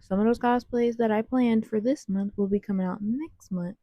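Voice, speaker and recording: A woman's voice: a little high, fairly even intonation, normal speed, dry recording, highs cut off. A woman cosplay vlogger rambling in casual, slangy voice-over about her makeup. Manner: rambling, slangy, self-deprecating.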